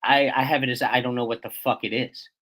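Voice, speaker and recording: A man's voice: mid-range voice, steady tone, fast talker, fairly bright tone, rough recording. A man co-hosting a morning baseball show, reeling off player stats in easygoing banter. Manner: reads stats, laid-back banter. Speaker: co-host. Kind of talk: casual sports talk.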